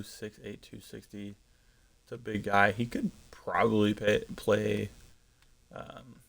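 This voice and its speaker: A man with a gravelly, slightly low voice talks casually through a live stream. He thinks out loud, pausing on ums and correcting himself as he goes. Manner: thinking aloud, frequent ums and self-corrections. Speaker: gaming streamer.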